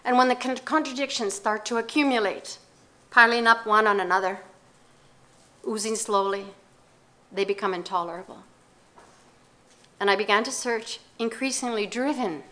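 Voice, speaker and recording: An older woman giving a talk, telling a personal story in a measured, reflective way with pauses and restarts. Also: mid-range voice, fairly bright tone.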